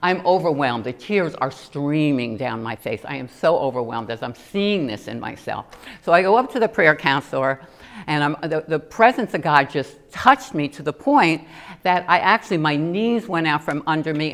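A middle-aged woman giving an earnest personal testimony in a sermon, telling stories with animated asides. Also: deep voice, normal speed. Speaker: lay preacher.

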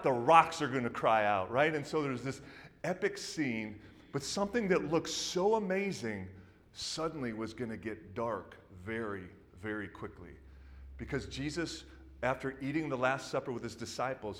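A male pastor in his thirties preaches a sermon, telling the story with animation as he rises to loud excitement and drops to hushed intensity. His voice is medium-pitched, with a long reverb tail.

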